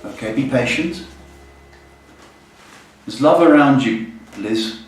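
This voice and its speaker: Slow-talking man giving psychic advice. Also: medium pitch, animated. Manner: slow, soothing, ends phrases with "okay?". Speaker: psychic host. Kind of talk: live-stream psychic reading. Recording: echoey room, mic far off, faint noise.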